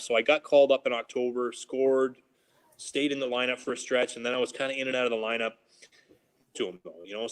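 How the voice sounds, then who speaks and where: A former hockey player in his forties telling animated, casual stories on a podcast and acting out what his coaches said. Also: mid-range voice, fast talker, low-quality recording. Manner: animated anecdotes, laughing, quoting coaches. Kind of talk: casual storytelling.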